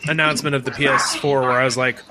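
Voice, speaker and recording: A man's voice: medium pitch, level tone, fast. A man hosting a casual podcast chat, rambling and swearing casually. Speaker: podcast host. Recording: noisy podcast recording.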